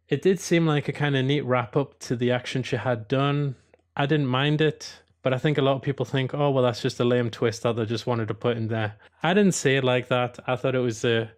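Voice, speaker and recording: Geordie man giving opinionated commentary. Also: mid-range voice. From Newcastle upon Tyne, England. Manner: opinionated, rambling with restarts, given to rants. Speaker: video host reviewing episodes. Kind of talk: casual commentary.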